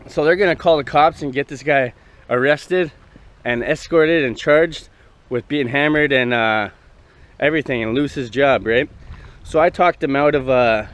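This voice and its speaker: A man casually telling a long personal story, rambling and profane with lots of fillers, recorded outdoors near traffic. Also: fairly high pitch. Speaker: host.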